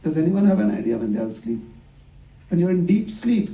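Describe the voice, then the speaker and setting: A man preaching in a relaxed, storytelling way, full of rhetorical questions and little acted-out exchanges. His voice sits high but sounds deep and mellow in tone. He is recorded from a distance in a roomy, echoing hall. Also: a little fast. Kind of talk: conversational sermon. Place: temple hall. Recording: echoey hall, distant mic.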